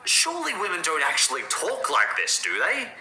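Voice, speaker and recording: A man narrates a scripted review in a mocking, deadpan tone. His voice sits a bit high and swoops around a lot. The recording sounds roomy, with clear background noise underneath. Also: a little fast. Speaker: online show reviewer.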